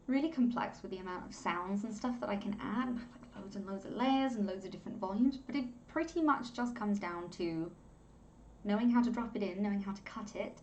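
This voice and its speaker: A young woman talks through an editing tutorial from home in a loose, rambling way. She is chatty and breaks into laughter often, with a voice of middling pitch. A faint noise sits behind her. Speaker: content creator teaching video editing. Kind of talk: casual screen-recording tutorial.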